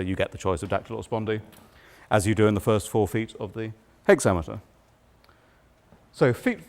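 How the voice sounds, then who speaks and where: A man giving a lecture on writing verse, measured and explanatory with a dry humor. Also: fairly low pitch.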